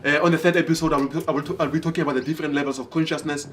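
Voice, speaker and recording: High-voiced animated man. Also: very fast, soft background music. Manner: animated, bursts into excited exclamations. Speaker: motivational speaker. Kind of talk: motivational storytelling.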